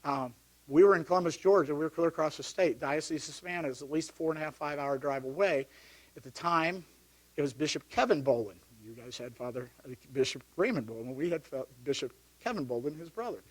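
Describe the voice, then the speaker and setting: Middle-aged male deacon, personal testimony at a parish talk, fairly high voice, animated storyteller. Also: a little fast. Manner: storytelling, animated when recounting yelling. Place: parish hall.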